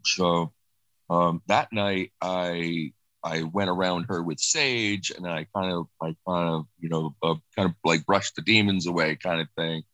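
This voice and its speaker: Low-voiced man recounting a loss. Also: steady tone, dry recording, rough recording. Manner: halting, restarts, soft and reflective. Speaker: guest sharing personal loss. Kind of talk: emotional personal account.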